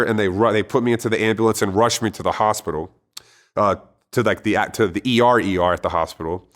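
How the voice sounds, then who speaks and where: A man's voice: fairly low pitch, a bit bright. A man sharing a personal testimony in an earnest, conversational way, often restarting his sentences. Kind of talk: casual spoken testimony.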